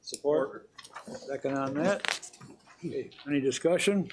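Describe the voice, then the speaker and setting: A man chairing a county board meeting, briskly calling motions and votes. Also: medium pitch, a little hiss or hum. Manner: brisk procedural calls for votes.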